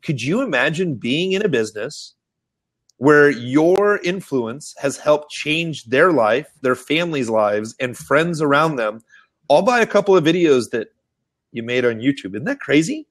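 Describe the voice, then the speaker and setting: A man's voice: on the high side, measured pace. A middle-aged man co-hosting a casual marketing web chat, telling a story with energy and slipping into the voices of the people in it. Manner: animated storyteller who acts out other people's voices. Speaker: co-host of a marketing show.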